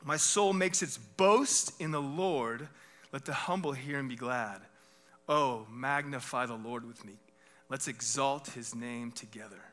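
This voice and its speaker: A man preaching a sermon as a guest speaker, swinging from loud declarations to hushed whispers. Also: medium pitch, measured pace.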